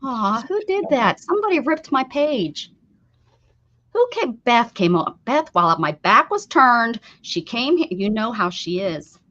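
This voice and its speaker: Her voice is on the high side, sing-song, bright and forceful, and she talks a little slowly with few pauses. She's hosting a craft livestream over dull, lo-fi audio, chatting casually as she crafts, laughing a lot and greeting viewers by name.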